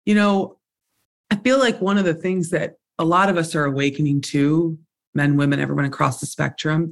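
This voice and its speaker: An excitable podcast host who talks with emphatic, effusive energy. The delivery gushes and spills over with enthusiasm as the host responds. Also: medium pitch, vocal fry. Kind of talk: podcast interview.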